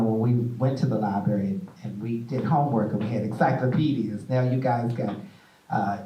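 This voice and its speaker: A man's voice: medium pitch, a little mellow. Man, stage interview host, storytelling, playful, echoey hall, mic at a distance. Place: theater stage. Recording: echoey room, mic from afar.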